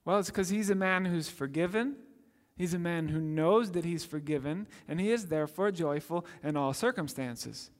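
A man preaching a sermon as pastor, earnest, drawing out key phrases slowly for emphasis. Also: fairly high pitch. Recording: long hall reverb.

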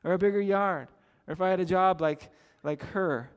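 A middle-aged pastor preaches in a high, smooth voice at normal speed, the recording lo-fi with a long reverb tail. He tells his sermon's stories conversationally and brings the quotes to life by acting them.

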